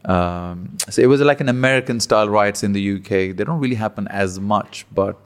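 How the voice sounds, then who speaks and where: A man's voice: lowish voice, fairly quick, clean tone. A man with a Pakistani accent, a stand-up comedian chatting casually, rambling with many restarts and fillers. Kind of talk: casual conversation.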